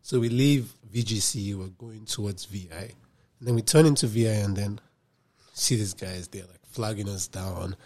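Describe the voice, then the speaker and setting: Low-voiced man telling a casual story. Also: normal speed. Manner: relaxed, slangy storyteller. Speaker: podcast guest.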